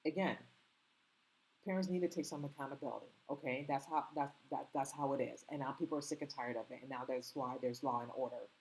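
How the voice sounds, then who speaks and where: A woman's voice: a bass voice, steady tone, fairly quick, darkish tone, a little hiss or hum, low-quality recording. A woman with a slight foreign accent hosting her own commentary channel, talking earnestly and rambling with many ums and restarts. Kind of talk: casual opinion commentary.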